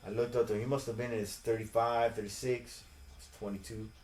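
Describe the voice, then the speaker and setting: A man's voice: medium pitch, little pitch movement, fast, darkish tone. Profane storytelling man in a roomy room. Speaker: podcast host. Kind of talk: casual chat. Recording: roomy echo.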